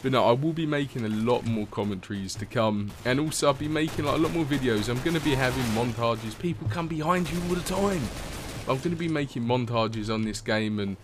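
A young gaming commentator chats casually over gameplay, rambling, swearing often, and laughing at his own stories. His voice is medium-pitched and fairly quick, with a noisy background.

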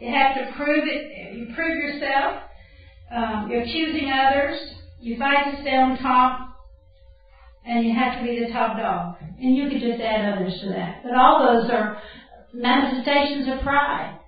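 Speaking unhurriedly in a high voice, an older woman gives a folksy, chatty Bible camp teaching talk, stopping to laugh at her own stories. The recording is distant and dull, in a very echoey hall.

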